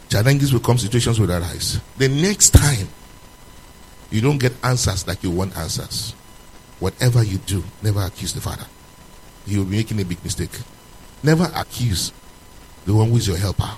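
A man preaching a sermon to a congregation, moving between loud, emphatic questions and low, quiet passages. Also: normal speed, pauses often, slight background noise, poor audio.

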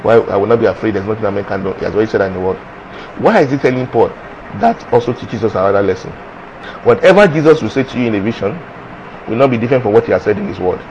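A man's voice: lowish voice, racing, highs cut off, a little hiss or hum. A man preaching a sermon with energy, firing off rhetorical questions and answering them himself. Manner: animated, asks the audience rhetorical questions.

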